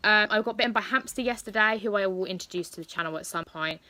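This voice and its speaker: A young woman of eighteen chats through viewer questions about her pets. Her voice is bright and clear, and her talk rambles with plenty of fillers and restarts. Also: medium pitch, quick pace, no echo. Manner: chatty, rambling with many fillers. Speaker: pet YouTuber. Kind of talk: casual Q&A vlog.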